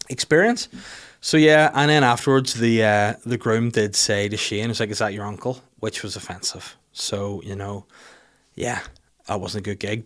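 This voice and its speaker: A man, telling funny self-deprecating stories about his life in casual, sweary talk. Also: medium pitch. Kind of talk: casual storytelling monologue.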